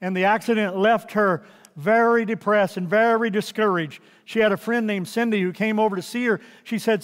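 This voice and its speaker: An older man preaching a sermon as pastor, earnest, sometimes dropping to a soft hush. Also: high-pitched, steady tone, normal speed, in a large hall.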